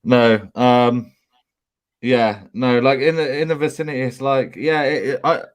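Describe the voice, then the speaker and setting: A man co-hosting a fan chat after a match, talking in a measured, hesitant way. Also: mid-range voice, fairly even intonation. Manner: measured, hesitant, lots of ums. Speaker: fan channel co-host.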